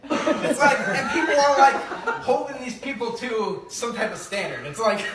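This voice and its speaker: A man's voice: very high voice, moderate pace. A man doing a rambling stand-up bit, chuckling through his own lines. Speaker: stand-up comedian. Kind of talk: stand-up set. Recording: roomy and distant with crowd.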